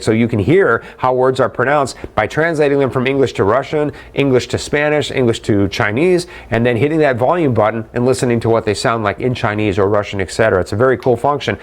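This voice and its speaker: A middle-aged man hosting a live webcast, chatty and upbeat as he answers viewer questions and calls them guys. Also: mid-range voice.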